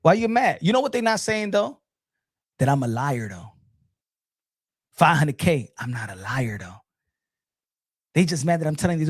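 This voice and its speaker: A man streaming boxing commentary, talking to his chat in an animated, teasing, repetitive way with frequent laughs. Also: fairly high pitch, moderate pace, pauses often.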